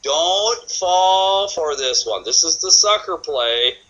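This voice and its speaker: A man leads a sales training session in an energetic, forceful voice that sits a bit high. He keeps acting out what customers think, quote by quote. The recording is dull and lo-fi. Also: takes it slowly.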